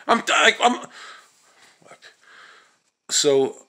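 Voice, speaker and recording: A man's voice: mid-range voice, very animated, unhurried, sharp tone. A man ranting casually and comically on his vlog, rambling and swearing with lots of restarts and filler words. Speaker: vlog host. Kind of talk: comedic rant.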